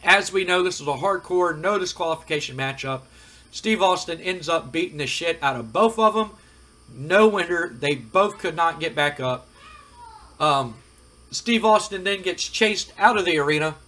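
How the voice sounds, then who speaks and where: A man's voice: a little high, lively intonation, moderate pace, bright, forceful tone. A man hosting a casual gaming commentary, chatty and rambling with frequent fillers. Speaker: host.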